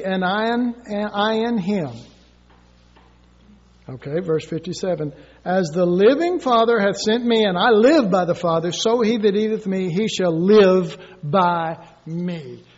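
Male preacher, very high voice, lively sermon delivery, dull recording with long reverb. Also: measured pace. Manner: animated, acts out quoted voices with sudden high cries. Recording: dull echoey recording from far off.

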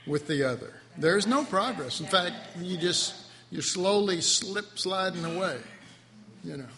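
A man with a high-pitched, expressive voice preaches a sermon at a measured pace, his tone pushed and bright. The pastor is emphatic and repetitive, tossing laughing asides to his congregation in a church sanctuary. The recording has a long hall reverb and faint room noise.

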